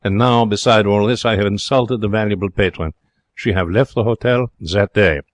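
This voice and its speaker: An actor playing an excitable young Frenchman in a radio drama, speaking broken English in a French accent with theatrical, emotional delivery. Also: fairly low pitch, normal speed, no echo, close to an everyday voice. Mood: wistful. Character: young excitable romantic Frenchman, former hotel cashier. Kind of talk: 1940s radio drama narration.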